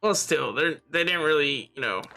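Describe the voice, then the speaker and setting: A man chatting casually as he plays a game, rambling through his points and laughing often. His voice sits high with a bright tone. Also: animated, normal speed, creaky, soft background music. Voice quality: laughing, rambling, filler-heavy. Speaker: gamer. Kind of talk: casual gameplay commentary.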